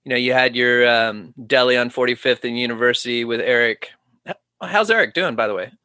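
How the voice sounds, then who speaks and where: Bright-voiced podcast host. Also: male voice, mid-range voice, fairly quick, no echo, clean studio sound. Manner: laughs along, brief reactions. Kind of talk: casual chat.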